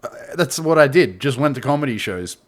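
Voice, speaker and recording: Aussie podcast guest, sweary storyteller, mid pitch, says "bro" a lot. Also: male voice, lively intonation, fairly quick. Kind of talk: casual chat.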